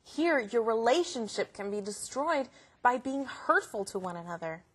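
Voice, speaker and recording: A woman co-hosting a lesson, giving clear definitions of words. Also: a little high, moderate pace. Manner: clear definitions, steady explaining. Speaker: radio lesson co-host. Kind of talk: explaining vocabulary.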